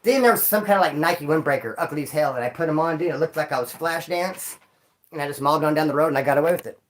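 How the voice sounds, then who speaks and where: A man hosting a livestream, telling stories in a casual, slangy, animated way and acting out sounds and voices. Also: fairly high pitch, quick pace. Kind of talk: casual storytelling to a live audience.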